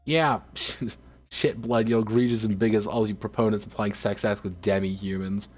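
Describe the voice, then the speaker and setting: A man's voice: fairly low pitch, fairly even intonation, moderate pace, darkish tone, soft background music. A man streaming, ranting casually in a sarcastic, profane way, rambling with frequent restarts.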